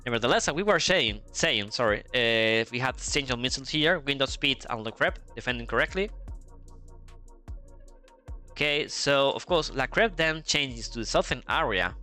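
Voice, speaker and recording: Faint music sits behind this man from Spain, a chatty esports commentator who thinks aloud through a flight-sim match with restarts and remarks to chat. He speaks at normal speed in a mid-range, bright, pushed voice with lively intonation and a Spanish accent.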